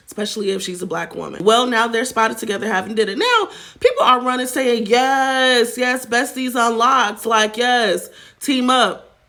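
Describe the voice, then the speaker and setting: A woman's voice: fairly high pitch, animated, normal speed, sharp tone. A woman hosting a celebrity gossip show, chatty and sassy, calling her viewers child and honey. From United States. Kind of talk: casual celebrity gossip commentary.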